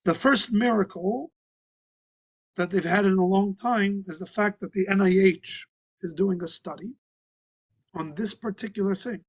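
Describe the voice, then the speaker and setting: Male rabbi with a high voice, telling a story from the pulpit in a loose, halting, conversational way. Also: low-quality recording. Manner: conversational, halting with restarts and fillers. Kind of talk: sermon storytelling. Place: synagogue.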